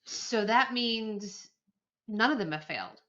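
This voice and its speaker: A woman's voice: a little high, expressive, slow, fairly bright tone. A woman hosting a podcast interview, giving upbeat short reactions. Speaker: podcast host. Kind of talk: casual interview chat. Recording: dull lo-fi sound.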